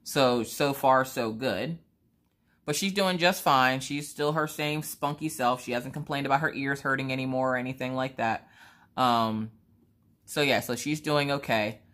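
A woman, chatting casually while she crafts and telling rambling, animated stories about her family. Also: extremely low pitch, measured pace. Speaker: crafting vlogger.

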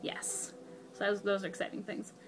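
A young woman chatting casually to her camera in her apartment, excitable and bubbly, with casual swearing. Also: a little high, normal speed. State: hyper and spazzy. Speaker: vlogger. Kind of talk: casual vlog chat. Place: apartment living room. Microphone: handheld camera.

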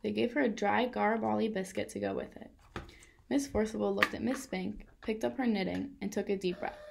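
A woman reading a children's novel aloud in a calm, steady way. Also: medium pitch, brisk, vocal fry, slight background noise. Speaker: reader. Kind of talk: children's book read-aloud.

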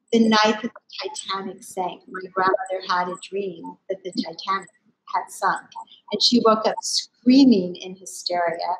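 A woman in her sixties, a company founder, telling a personal story in an interview with lively, expressive delivery. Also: mid-range voice, a little hiss or hum, low-quality recording. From United States. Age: 60s. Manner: animated, expressive storyteller who acts out family quotes. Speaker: company founder speaking at a summit.

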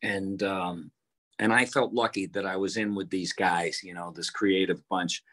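Older man, low voice, relaxed storytelling, video-call interview. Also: a little slow. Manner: relaxed, anecdotal, acts out voices. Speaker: voice actor guest. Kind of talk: casual interview answers.

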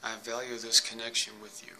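A man's voice: medium pitch, monotone, brisk, pushed and bright, slight background noise. A man earnestly addressing his late mother during an EVP recording, apologizing and pleading for a response. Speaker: paranormal investigator.

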